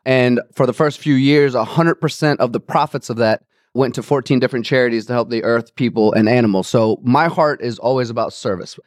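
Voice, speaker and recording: A man's voice: medium pitch, brisk, no echo, clean studio sound. A man hosting a podcast in casual chat, talking easily and laughing often. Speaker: podcast host.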